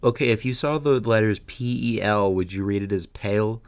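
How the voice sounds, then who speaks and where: A man's voice: fairly low pitch, normal speed. A young man from Oklahoma, a podcast guest chatting casually in a dry, matter-of-fact way.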